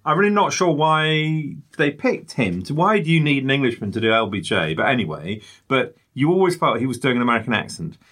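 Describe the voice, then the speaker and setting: A man's voice: medium pitch, very animated, brisk, hardly any pauses, fairly bright tone. A man, co-hosting a casual film review with jokey, rambling asides.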